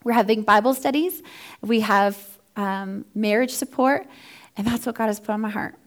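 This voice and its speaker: A woman's voice: medium pitch, normal speed. A woman in her thirties, founder of a ministry for first responder families, giving an earnest, heartfelt personal testimony. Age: 30s. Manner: earnest, heartfelt, acts out quoted dialogue.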